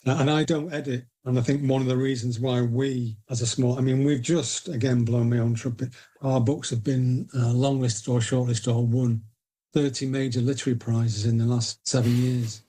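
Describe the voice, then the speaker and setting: A middle-aged man with a Northern English accent, chatting as a guest on a podcast. He tells long, self-mocking anecdotes in a warm, mellow voice. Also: mid-range voice, little pitch movement, normal speed. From Northern England. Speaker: guest, indie publisher. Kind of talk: casual storytelling interview.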